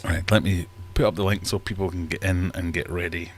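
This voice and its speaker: A man's voice: low-pitched, steady tone, brisk. A man hosting a casual livestream from his home fish room, chatting in a rambling, self-deprecating way. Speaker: livestream host.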